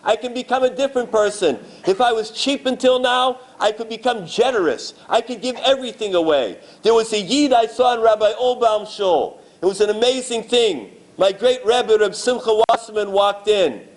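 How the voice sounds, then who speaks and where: A rabbi giving a dramatic storytelling sermon at a synagogue gala. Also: male voice, high voice. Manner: animated, dramatic preacher.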